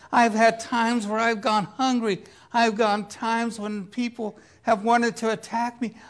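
A preacher voicing the prophet Elijah as a weary, despairing man who begs to be let go, with drawn-out pleading words. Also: mid-range voice, pitched above the performer's own voice.

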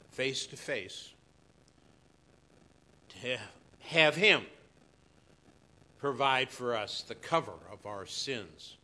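Pastor guy preaching real slow, bright edgy voice, gets loud then goes quiet. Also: medium pitch, a little hiss or hum. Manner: slow, emphatic preaching that swings from loud to hushed. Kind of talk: sermon. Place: church.

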